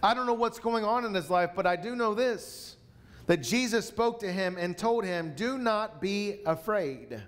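High-voiced man preaching a sermon. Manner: emphatic preaching, slows down for repeated lines. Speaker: pastor. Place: church.

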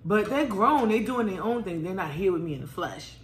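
Animated and a little fast, in a mid-range voice, the host's mother joins her daughter for a meal at home and speaks bluntly about motherhood, cursing freely. The casual family chat is recorded in a room with roomy echo and faint noise.

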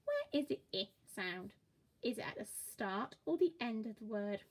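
A woman teaching a children's phonics lesson, modelling each sound slowly and cheering the listener on. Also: a little high, big pitch swings. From England. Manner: slow, encouraging, exaggerated sound-by-sound modelling.

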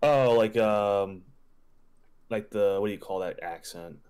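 A man's voice: on the low side, measured pace, darkish tone, clean tone. A man chatting on a game stream, explaining things in a loose, meandering way. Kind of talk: casual live gaming chat.

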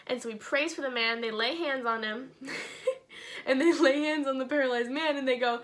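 A woman's voice: high-pitched, fairly even intonation, normal speed, fairly bright tone. A woman teaching a casual children's Bible lesson from home, bubbly and chatty with lots of "like". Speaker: kids' church teacher.

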